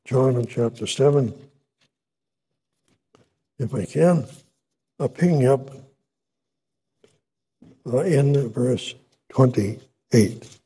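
A man preaching a sermon, expounding scripture in a deliberate way, repeating words for emphasis and swelling louder on key points, with frequent restarts. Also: mid-range voice, husky. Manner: halting, with frequent restarts and asides.

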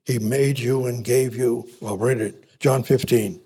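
A man preaching a sermon in an emphatic, repetitive way, with frequent restarts and halting pauses. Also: medium pitch, steady tone, mellow, husky.

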